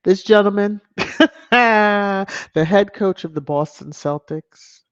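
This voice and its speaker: A woman's voice: medium pitch, takes it slowly, clear, resonant tone, no room sound. A woman hosting a celebrity news commentary vlog, sassy and emphatic, repeating phrases for effect. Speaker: vlog host. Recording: dry, dull lo-fi sound.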